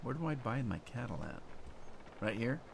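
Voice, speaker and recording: A man's voice: mid-range voice, very animated, normal speed, creaky. Chatty man streaming a farming game. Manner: chatty, rambling, reads and answers chat. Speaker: gaming streamer. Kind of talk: casual live-stream commentary. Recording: noisy game audio behind.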